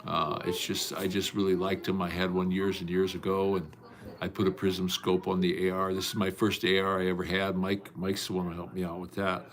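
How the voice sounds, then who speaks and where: Deep-voiced man rambling folksy on a livestream. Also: monotone, brisk. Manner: folksy, rambling, with many fillers and restarts. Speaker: livestream host. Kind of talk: casual livestream chat, greeting and answering viewers. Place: at home.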